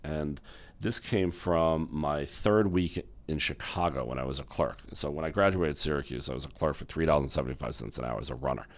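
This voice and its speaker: A man's voice: very deep voice, brisk. A middle-aged man from the United States, an interview guest who tells stories animatedly and acts out the voices of people he quotes. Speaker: guest, former exchange executive. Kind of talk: storytelling interview talk.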